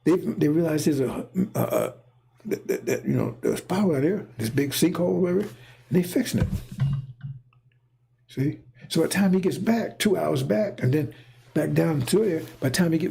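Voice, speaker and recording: A man's voice: on the high side, gravelly, warm tone, husky. A man delivering a rambling, casual spoken monologue, repeating himself and checking in with his listeners. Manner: casual, repetitive, keeps checking in with "see?" and "right?". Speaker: speaker giving a prophetic monologue.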